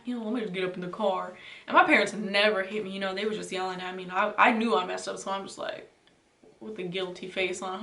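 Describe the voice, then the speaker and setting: A woman's voice: mid-range voice, steady tone, fast, a bit bright, distant mic. Chatty young woman in an echoey room. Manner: chatty, filler-heavy retelling with lots of "like" and "you know". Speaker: vlogger. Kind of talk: casual storytime. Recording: roomy echo, voice away from the mic.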